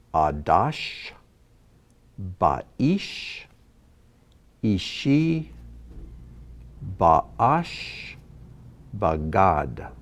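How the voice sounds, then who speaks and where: Slow, patient male Hebrew tutor. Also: lowish voice. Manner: slow, patient explaining with lively ups and downs. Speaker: Hebrew teacher. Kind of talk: video lesson.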